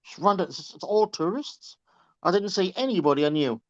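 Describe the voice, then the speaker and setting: Laughing through his anecdotes and swearing freely, a chatty reading group member speaks in a high, animated voice, a little fast. The group-call audio is dry, lo-fi, and slightly dull, with no echo.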